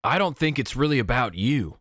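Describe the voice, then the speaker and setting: A man's voice: mid-range voice, sing-song, a little fast, a bit bright, no room sound, voice pushed up. A man voicing a blunt, pushy teenage boy in an audiobook, talking in a teasing way.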